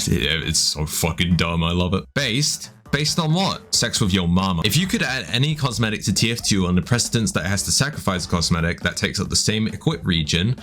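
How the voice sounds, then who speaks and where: A young man from southern England with a Southern English accent, answering viewer questions in a sarcastic, deadpan and crude voice-over. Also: lowish voice. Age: young adult. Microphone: desktop condenser mic with effects. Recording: voice-over with background music.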